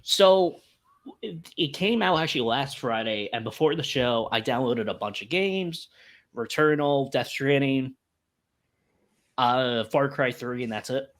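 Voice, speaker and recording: A man's voice: medium pitch, a little slow, fairly bright tone. A man with a Canadian accent, co-hosting a gaming podcast in casual chat, enthusiastic and saying "like" a lot. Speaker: podcast co-host.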